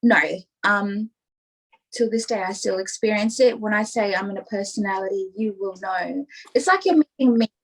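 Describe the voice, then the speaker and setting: On a low-quality recording, a young adult woman with a medium-pitched voice speaks at a moderate pace. She's a podcast guest in a casual interview, talking candidly and rambling with lots of "like" and "you know."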